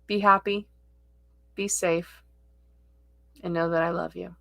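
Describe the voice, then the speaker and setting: A woman hosting a casual tarot livestream, chatting in a slow, gently encouraging way and reading viewer comments aloud. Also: fairly low pitch, steady tone, gravelly, dry recording.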